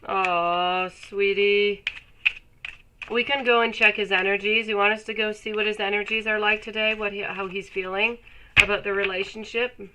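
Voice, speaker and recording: A woman with a cold and a stuffy, nasal voice, chatting warmly with her viewers while reading tarot on a live stream. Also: medium pitch, level tone, normal speed, noisy background. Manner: chatty, affectionate, laughs often. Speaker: tarot reader.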